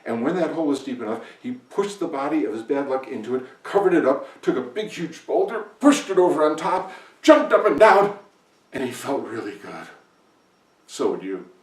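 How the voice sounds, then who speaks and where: A man telling a folktale aloud in an expressive, animated way with dramatic pauses, in an echoey room from far off. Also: mid-range voice. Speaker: professional storyteller. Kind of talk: live folktale storytelling.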